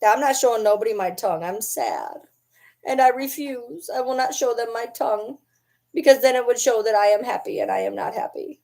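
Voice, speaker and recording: A woman's voice: on the high side, animated, brisk, gravelly, dark tone. A woman voicing her elderly pet dog as a sulky, self-pitying old female dog that refuses to be happy.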